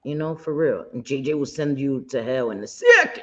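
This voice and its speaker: A woman's voice: very deep voice, normal speed. Blunt woman livestream host, lo-fi audio. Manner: blunt and indignant, with occasional swearing. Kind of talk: casual gossip commentary. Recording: dull lo-fi stream audio.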